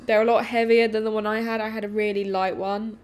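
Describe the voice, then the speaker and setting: A woman's voice: mid-range voice, little pitch movement, fast. Candid woman laughing through stories. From England. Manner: laughing, candid, trails off softly. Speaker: podcast co-host. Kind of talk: casual chat.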